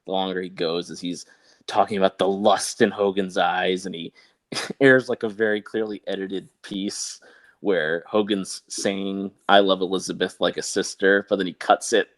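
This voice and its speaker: A man's voice: sits low, fairly even intonation, a little slow, fairly bright tone, no room sound. A man co-hosting a casual podcast chat, rambling with wry asides and many fillers.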